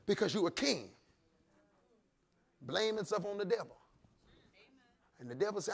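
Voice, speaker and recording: Male pastor, lively swooping preaching, calls for responses. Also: high-pitched, measured pace, creaky, pauses often. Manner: preaching with shouts and call-and-response. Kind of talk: sermon.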